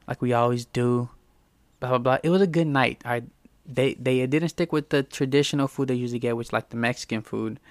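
A man spins a loose, rambling story in a casual, slang-heavy way, swearing freely as he goes. His voice comes through smooth and clear. The recording is dry, with no room sound behind it. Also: medium pitch, fairly quick, dry recording.

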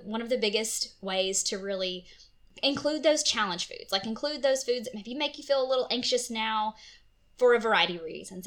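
A woman's voice: medium pitch, fairly bright tone. A woman hosting a podcast, eagerly summarizing her guest's points and talking straight to her listeners. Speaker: podcast host. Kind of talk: conversational podcast interview.

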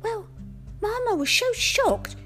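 Woman voicing a little boy unicorn, storybook narrator, high voice, very lively melody. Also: slow, faint music behind, exaggerated voice. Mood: cheerful. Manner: playful, sing-song storytelling to children. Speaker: host.

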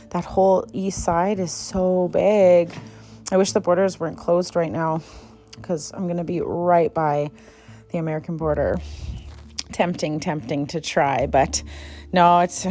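A woman's voice: fairly low pitch, a little mellow. A young Canadian woman hosting a solo audio diary podcast, chatty and blunt, often mocking herself. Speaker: podcast host. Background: music.

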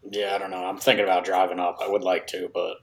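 A man's voice: low voice, little pitch movement, quick pace, low-quality recording. A man from South Carolina chatting casually on a podcast, easygoing and teasing. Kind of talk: casual chat.

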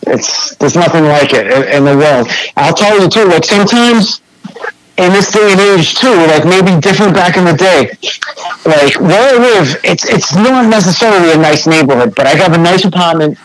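A man's voice: high voice, expressive, moderate pace, a little hiss or hum, rough recording. Laid-back young New England man, cursing. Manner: laid-back, heavy swearing, lots of fillers. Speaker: podcast guest, graffiti artist. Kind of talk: casual storytelling chat.

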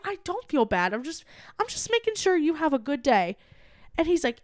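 High-voiced woman telling an animated story. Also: normal speed, dry recording, clean studio sound. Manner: animated, acts out quoted dialogue, swears casually. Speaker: podcast co-host. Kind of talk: casual storytelling chat.

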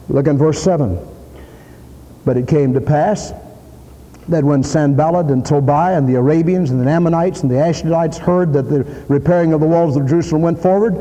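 Male preacher, mellow higher voice, driving and repetitive, long hall reverb. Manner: emphatic, repeating lines and rising to shouted peaks. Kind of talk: sermon.

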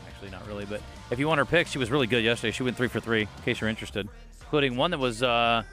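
Casting note: male sports talk host, bright ringing voice, pitchman energy on the ad reads. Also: fast, faint music behind. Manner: upbeat pitchman on the sponsor reads. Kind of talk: casual sports radio chat with live ad reads.

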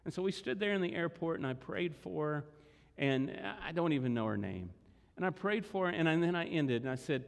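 A man's voice: on the high side, lively intonation, a little fast, creaky. A man, preaching and telling a story conversationally to his congregation. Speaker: pastor. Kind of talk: sermon storytelling. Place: large church hall. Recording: long hall reverb.

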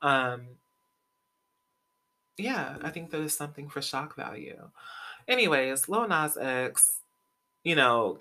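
Young male podcast host, crisp bright voice, mid-range pitch, loose gossipy commentary with plenty of swearing. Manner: chatty, gossipy, swears freely, laughs often. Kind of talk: casual pop-culture commentary.

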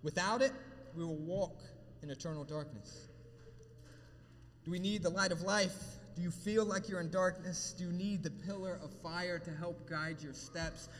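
This man's voice sits high, with fairly even intonation and a normal speed, as he preaches an emotional sermon as pastor. He builds to rising intensity and then turns to a quiet prayer. The congregation listens in a church hall with long reverb and faint room ambience.

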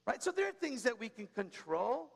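High-voiced preacher man in a reverberant hall. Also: big pitch swings, normal speed, creaky. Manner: conversational preaching, frequent "come on" and "right?"; tells personal stories with humor. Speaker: pastor. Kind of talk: sermon.

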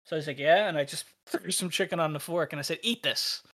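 A young man co-hosting a podcast, telling stories in a casual, animated, swearing manner and laughing as he goes. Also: fairly high pitch, quick pace. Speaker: podcast co-host. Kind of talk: casual profane storytelling.

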